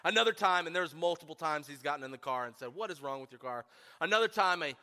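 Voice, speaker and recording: A man preaching a sermon, telling self-deprecating funny stories about himself to a church congregation in an animated way. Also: a little high, quick pace. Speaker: pastor. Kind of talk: humorous sermon storytelling. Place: church sanctuary. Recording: long church hall reverb.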